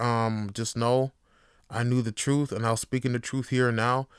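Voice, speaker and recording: A man's voice: mid-range voice, flat delivery, measured pace, smooth, no echo, studio quality. A man hosting a casual podcast monologue, rambling with many fillers and some swearing. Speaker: podcast host.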